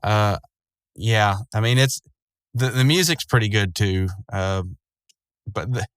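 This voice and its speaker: A man's voice: fairly low pitch, slow, clean tone, no room sound. A man casually retelling a cartoon episode, rambling with lots of fillers and frequent chuckles. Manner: rambling, loose, chuckling often, many fillers. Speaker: show recapper.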